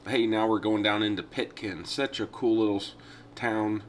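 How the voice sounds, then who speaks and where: A man's voice: lowish voice, steady tone, moderate pace, slight background noise. A man narrating his own riding footage as a casual voice-over, easygoing and rambling with frequent fillers. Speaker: adventure riding vlogger.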